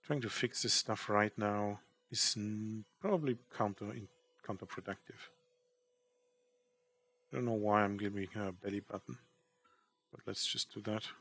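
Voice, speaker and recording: A man's voice: lowish voice, fairly even intonation, moderate pace, fairly bright tone, a little hiss or hum. A man chatting casually while drawing on stream, rambling and self-deprecating about his work. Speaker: artist streamer.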